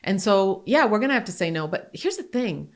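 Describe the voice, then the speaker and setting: A woman in her forties telling personal stories in a casual, animated way as a podcast guest. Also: medium pitch, fairly quick. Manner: animated, grows excited then softens. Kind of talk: casual conversational storytelling.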